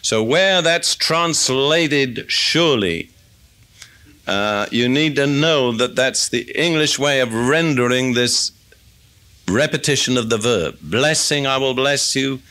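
Male preacher, bright clear tone, conversational Bible teaching, reads verses aloud. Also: medium pitch, slow. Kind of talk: expository sermon.

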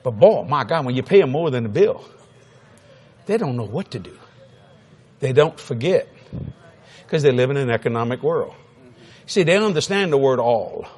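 A man preaching a sermon, telling a funny story with laughter and sudden shouts. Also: medium pitch, moderate pace, pauses often, husky. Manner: animated, laughing, bursts into shouts.

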